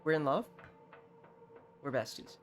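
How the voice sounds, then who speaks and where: A man's voice: on the high side, lively intonation, a little slow, faint music behind. A man streaming a game, giving casual gameplay commentary in a chatty, joking way and swearing freely.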